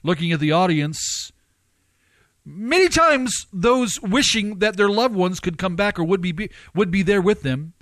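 High-voiced man preaching with rhetorical questions. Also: animated, measured pace, a bit bright, no room sound. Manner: rhetorical questions, pitch swinging up and down. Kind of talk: preaching commentary.

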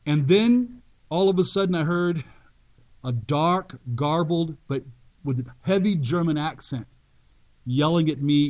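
Emphatic storytelling pastor, fairly high voice. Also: male voice, lively intonation, muffled recording. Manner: emphatic, dramatic retelling with pauses. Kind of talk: sermon storytelling.

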